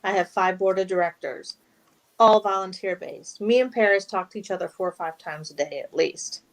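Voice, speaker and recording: A woman speaks in an earnest, animated way as a guest on an interview show. She sounds heartfelt, and her voice sits in an ordinary middle range for a woman. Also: mid-range voice, moderate pace, poor audio. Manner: earnest, animated, emotional at times. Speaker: guest, charity event organizer. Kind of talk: casual interview talk.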